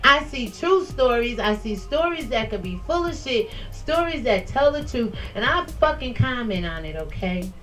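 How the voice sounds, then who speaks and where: A woman's voice: on the high side, moderate pace, few pauses, faint music behind, poor audio. Brash profane woman vlogger. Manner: profane, loud and animated, laughing at own jokes. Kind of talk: casual commentary responding to comments.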